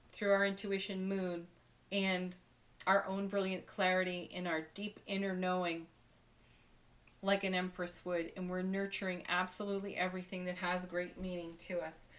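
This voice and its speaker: A woman giving a daily tarot card reading, speaking softly and warmly with gentle enthusiasm and frequent light laughs. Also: lowish voice. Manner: soft, spiritual, gently enthusiastic, laughs often.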